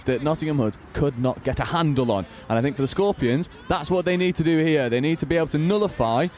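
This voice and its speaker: A man giving live play-by-play commentary on a sports match, calling the action quickly and with energy. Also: fairly high pitch, a little mellow.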